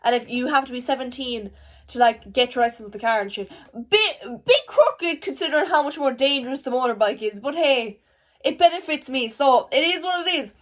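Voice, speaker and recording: A woman's voice: high voice, lively intonation, a little fast. A teenage girl from Ireland, rambling to camera at home in a casual vlog, full of "like" and swearing. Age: teens. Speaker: vlogger. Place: at home, indoors. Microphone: camera facing her.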